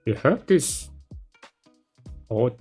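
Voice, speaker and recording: A young man hosting a casual chat, speaking English haltingly and switching to relaxed commentary. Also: mid-range voice, husky, faint music behind. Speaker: English teacher, host.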